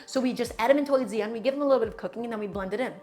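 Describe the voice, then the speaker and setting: A woman's voice: a little high, racing, darkish tone. A woman hosting a cooking stream, chatting casually and playfully to her viewers as she cooks. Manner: chatty and playful, often says "my friends".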